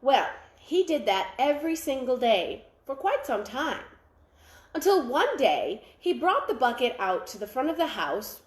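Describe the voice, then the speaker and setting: Woman storyteller, animated, high voice, echoey room. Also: measured pace. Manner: animated, sound effects and counting for effect. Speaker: library storyteller. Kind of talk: oral folktale telling.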